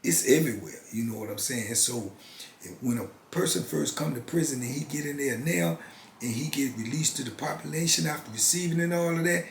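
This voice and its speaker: A man's voice: fairly high pitch, fairly quick, creaky. An older man talking casually and emphatically in street slang, repeating phrases for rhythm, as the host of his channel. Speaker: channel host, former prisoner. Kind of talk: casual storytelling monologue. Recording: echoey room with faint noise.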